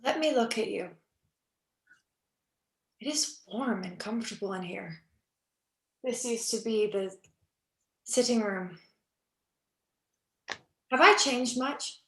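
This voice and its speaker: A woman reading the part of a weary, heartsick young actress in a cold reading over a video call, wistful and shifting between hushed and urgent. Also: a little high, takes it slowly, pauses often, full character voice. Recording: echoey room on a video call.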